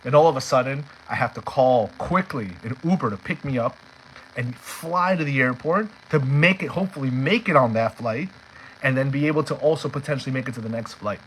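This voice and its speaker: A man's voice: mid-range voice, a little fast, slight background noise, low-quality recording. A man telling a heartfelt personal story in an earnest way, often repeating himself when stirred. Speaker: storyteller sharing a personal journey.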